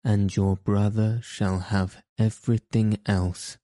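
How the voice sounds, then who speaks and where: A man reading the lines of a poor, dying old labourer who speaks lovingly to his children, in a gentle, measured storybook way. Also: on the low side, level tone, no room sound, clean studio sound. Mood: tender.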